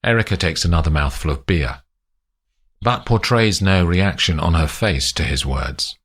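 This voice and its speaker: A man narrating a spy story aloud in a slow, expressive way. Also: low voice, slightly rough. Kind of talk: audiobook narration.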